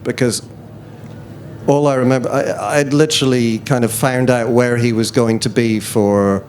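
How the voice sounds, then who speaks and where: A man's voice: medium pitch, steady tone, moderate pace, darkish tone, a little hiss or hum. Rambling self-deprecating male festival guest. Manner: rambling, self-deprecating, hesitant with many fillers. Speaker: interview guest, musician. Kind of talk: casual live stage chat. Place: festival chat tent before an audience.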